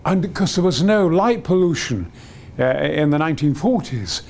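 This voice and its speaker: Excitable older man, lively high voice. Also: moderate pace, gravelly. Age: 80s. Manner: rambling, digressive, enthusiastic. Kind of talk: reminiscing storytelling.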